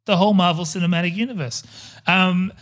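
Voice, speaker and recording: Joking male co-host, slightly high voice, loose and rambling. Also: fairly even intonation, a little fast, a bit bright. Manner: jokey, rambling asides. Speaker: podcast co-host. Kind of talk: casual chat.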